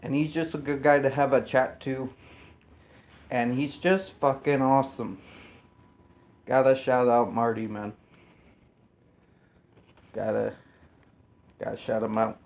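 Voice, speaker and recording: A man's voice: medium pitch, steady tone, slow, pauses often, a little mellow. A man reviewing a film in casual chat to the camera, rambling and cursing freely, often restarting his sentences. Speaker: YouTube reviewer.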